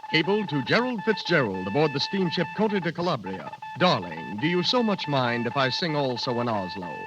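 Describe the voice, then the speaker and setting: A man's voice: medium pitch, sing-song, normal speed, dull audio, background noise, close to an everyday voice. A man reading out telegrams in a clipped, telegram-like way, in 1930s radio drama style. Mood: dry. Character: male voice reading out cables. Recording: old radio broadcast with music behind.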